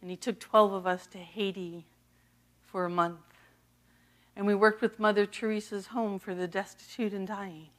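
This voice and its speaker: A middle-aged woman pastor from the US East Coast giving a personal testimony sermon, animated and laughing often as she tells the story. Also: mid-range voice, normal speed. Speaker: associate pastor.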